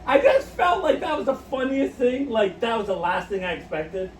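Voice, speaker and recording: A man's voice: very high-pitched, very animated, normal speed. A man co-hosting a podcast, telling stories in casual chat and laughing often through them. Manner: giggly, laughs through his own stories. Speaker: podcast co-host. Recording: roomy echo, distant mic, faint noise.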